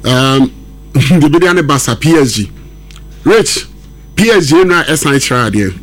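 On a sports radio show, a football pundit delivers emphatic analysis, moving between English and Twi. His mid-range voice is expressive and slow.

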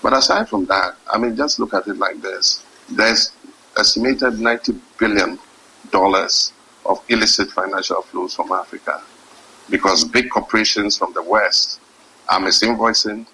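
A man giving a formal speech as a head of state, measured and emphatic, slowing down to stress his points. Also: lowish voice, bright, forceful tone, slight background noise, low-quality recording.

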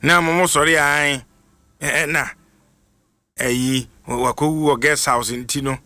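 Halting man reading radio news. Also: a little high, fairly even intonation, sharp tone, no room sound. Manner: halting, frequent stutters and restarts. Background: music playing underneath.

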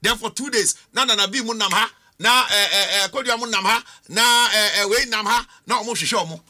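A middle-aged Ghanaian man argues as a panelist on a political talk show, his voice sitting high, brisk, and sharp in tone. He's emphatic and argumentative, fires off rhetorical questions, and mixes languages.

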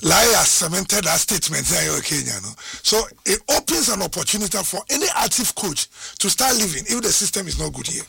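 A man's voice: high-pitched, very animated, brisk, vocal fry, hardly any pauses, pushed and bright, breathy edge, no echo. A man co-hosting a radio sports talk show, agreeably chiming in.

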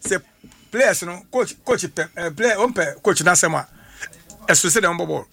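A man's voice: sits high, animated, measured pace, vocal fry, a crowd in the background. A man with a Ghanaian accent, a football pundit on a radio sports talk show, talking emphatically and often asking rhetorical questions in a studio.

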